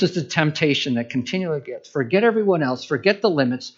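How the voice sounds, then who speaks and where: A man's voice: on the high side, sing-song, a little fast, hardly any pauses, slightly rough. A pastor preaching a conversational sermon, asking rhetorical questions and voicing his own inner thoughts. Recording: dull lo-fi church sermon recording.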